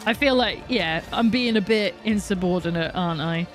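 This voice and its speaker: A woman's voice: medium pitch, normal speed. A young woman streaming a video game, chatting casually with viewers, swearing and laughing as she plays. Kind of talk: casual live-stream chat while gaming. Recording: music playing behind.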